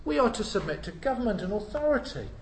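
A man preaching a sermon in a church. He asks the congregation rhetorical questions and swings between loud emphasis and hushed asides. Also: high voice, very animated, fast talker, echoey room, poor audio.

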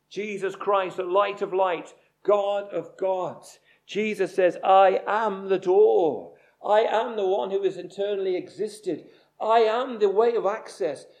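A man preaches a sermon in a fairly high, slightly mellow voice. His delivery is slow and deliberate, with heavy emphasis on repeated phrases.

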